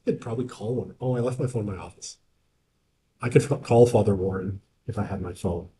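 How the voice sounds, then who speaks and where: A man's voice: lowish voice, quick pace, mellow, a little hiss or hum. A man giving a casual university lecture in a classroom. He keeps checking in with the class by asking "right?" and drifts into joking asides.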